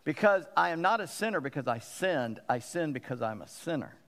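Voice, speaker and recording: A man's voice: a little high, animated, brisk, fairly bright tone, in a large hall. A man, a pastor preaching a sermon in an emphatic way and repeating phrases for stress.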